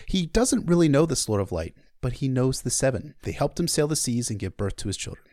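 A man's voice: mid-range voice, big pitch swings, moderate pace, few pauses, darkish tone, no echo, studio quality. A man hosting a podcast, giving a casual book synopsis full of chatty, irreverent asides. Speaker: podcast host.

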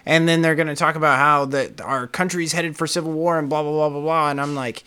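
A man's voice: fairly high pitch, fairly even intonation, fairly quick, few pauses, bright, forceful tone, clear, resonant tone, no echo. A man co-hosting a casual podcast, ranting in a heated way and swearing freely. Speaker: podcast co-host.

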